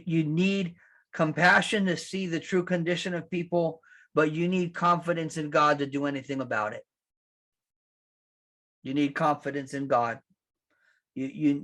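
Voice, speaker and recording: A man preaching a sermon as pastor, conversational and animated, acting out quotes and restarting his sentences. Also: fairly high pitch. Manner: animated, acts out quotes, laughs at his own lines.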